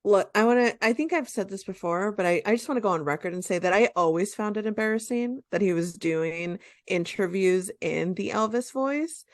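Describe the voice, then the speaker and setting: Woman podcast cohost, mid-pitched, blunt and sweary, dry close sound. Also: brisk, few pauses, dry recording. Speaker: podcast co-host. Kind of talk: casual chat.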